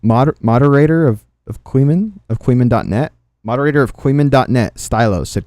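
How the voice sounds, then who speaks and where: A man's voice: mid-range voice, animated, fairly quick, a little mellow, dry recording. Man, livestream commentary, sarcastic, swears a lot, mutters asides, dry sound. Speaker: streamer. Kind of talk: livestream commentary reading chat and posts.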